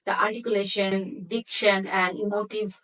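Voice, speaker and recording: A woman hosting an interview talks slowly through long, winding questions. She pauses often with "uh" while she searches for the right word, and her phrasing sounds unpracticed. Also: medium pitch, steady tone, fairly bright tone, rough recording. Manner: halting, searching for words, non-native phrasing. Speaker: interview host.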